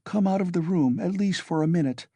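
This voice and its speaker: A man voicing a proud but gentle young woman who speaks softly yet firmly, pitched above his own voice. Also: brisk, creaky, husky, no room sound, exaggerated voice. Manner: soft but firm.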